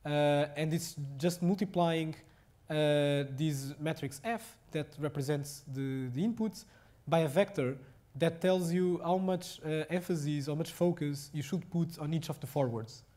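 A young adult man with a Portuguese accent giving a technical lecture, speaking haltingly with many fillers and restarts. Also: on the high side, warm tone.

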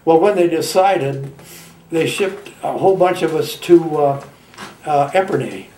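A man in his nineties from Michigan, a veteran telling his war memories in a halting, folksy way with plain colloquial grammar. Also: on the high side, a little mellow, roomy sound, far from the mic, a little hiss or hum. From Michigan, United States. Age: 90s. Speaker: veteran interviewee. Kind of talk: oral history reminiscence.

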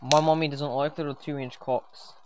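A man's voice: fairly high pitch, little pitch movement, moderate pace, background noise. A man trolling another player in game voice chat, mocking and taunting him. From Scotland.

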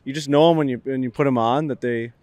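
Laid-back slangy podcast host. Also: male voice, medium pitch, fairly even intonation, fast, darkish tone, no room sound. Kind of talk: casual chat. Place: outdoors at a golf driving range.

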